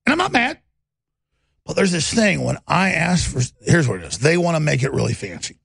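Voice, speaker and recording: Man, radio host, gravelly husky voice, wildly lively pitch, agitated rant, dry close sound. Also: fairly quick, no room sound. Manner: agitated, ranting, swings from mumbling to loud. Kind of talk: heated talk radio monologue.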